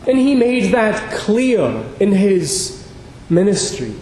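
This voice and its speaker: A man's voice: sits high, big pitch swings, takes it slowly, darkish tone. A man preaching a sermon, emphatic and at times fervent. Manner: emphatic, rising to fervent declarations. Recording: echoey hall with faint ambient noise.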